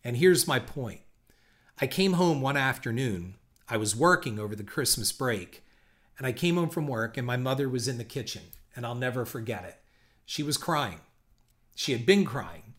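Speaking at a moderate pace with a medium-pitched, expressive, slightly bright voice, a middle-aged man hosting a podcast shares a personal story. He's candid and reflective, swearing now and then.

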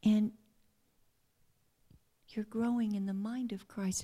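A woman preaching a sermon earnestly, often dropping to a hushed near-whisper. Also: mid-range voice, fairly even intonation, takes it slowly, long pauses.

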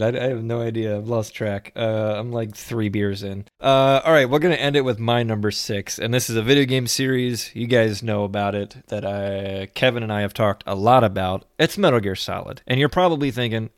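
A man hosting a podcast, an animated and rambling storyteller in casual chat. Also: medium pitch, normal speed, few pauses, no room sound, clean studio sound. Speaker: podcast host.

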